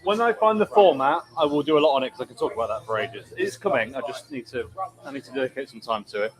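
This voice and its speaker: A man's voice: mid-range voice, animated, fast, crowd noise, poor audio. A man hosting a live stream from a pub taproom, chatting casually and reading viewer comments aloud.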